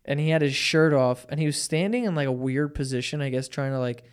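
A young man hosts a loose, crude podcast chat and laughs often through his stories. His voice sits a little high and sounds smooth and clear. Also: a little fast. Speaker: podcast host. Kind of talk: crude casual banter.

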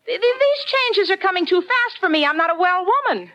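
A woman's voice: very high-pitched, animated, fairly quick, bright, forceful tone, no room sound, exaggerated voice, rough recording. An actress playing an anxious, doting young woman who also narrates, in a 1940s radio comedy. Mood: fretful. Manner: fretful, doting.

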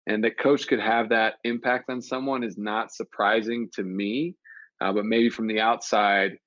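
Earnest low-voiced man, muffled sound. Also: fairly even intonation, moderate pace, fairly bright tone, dry recording. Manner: earnest, reflective, many restarts. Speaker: podcast guest, former player. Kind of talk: casual chat.

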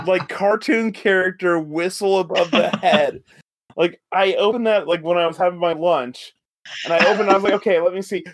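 A man with a high voice chats casually on a podcast. He rants in playful, exaggerated outrage and laughs through his words. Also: normal speed. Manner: animated, exaggerated ranting, laughing while talking. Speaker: podcast co-host. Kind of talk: casual chat.

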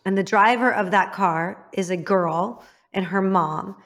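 A woman from Illinois recounts her past as an interview guest, speaking candidly and with emphasis. Her voice sits at an ordinary middle pitch. She goes quiet and low when the memories turn painful. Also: unhurried. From Illinois, United States. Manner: frank and emphatic, drops to a hushed voice for painful memories. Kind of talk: candid personal storytelling.

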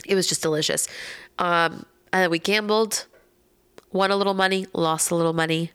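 A woman telling a story in casual podcast chat. She is animated, laughs often and acts out the voices of people she quotes. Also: fairly low pitch, moderate pace, clean tone.

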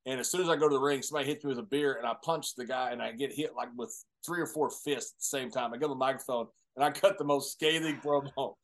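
A man's voice: mid-range voice, fast, hardly any pauses. An older man, a retired wrestler, telling road stories in a casual chat, often laughing as he talks. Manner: animated, laughing storyteller. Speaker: retired pro wrestler, guest.

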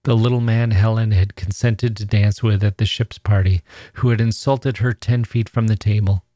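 A man, a podcast host, reading a classic short story aloud in a measured, even way. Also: lowish voice, dry recording.

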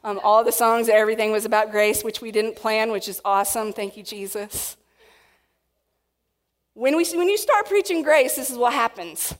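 Woman preacher, sermon, animated delivery, slightly high voice, echoing church hall. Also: normal speed. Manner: animated, acts out quotes. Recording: long reverb of a hall.

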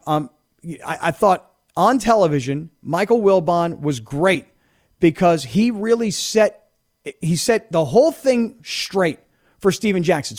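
A man hosting a sports radio show, talking in an emphatic, opinionated monologue and often repeating words as he presses a point. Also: sits high. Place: radio studio.

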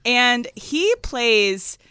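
A woman producer chatting casually on a radio sports show, talkative and quick to laugh. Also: fairly high pitch, animated, bright, forceful tone, clean tone, no room sound, studio quality.

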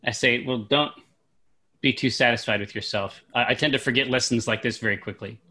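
Bright-voiced man playing a role. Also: mid-range voice, fairly even intonation, husky. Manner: rambling, jokey, quick asides. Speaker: player. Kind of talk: in-character play and casual chat.

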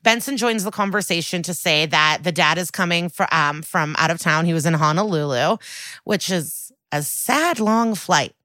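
A woman's voice: on the low side, normal speed, no echo. A woman co-hosting a podcast, recapping a crime TV episode in casual chat, quoting characters and swearing freely. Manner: swearing, lively recap with quoted dialogue.

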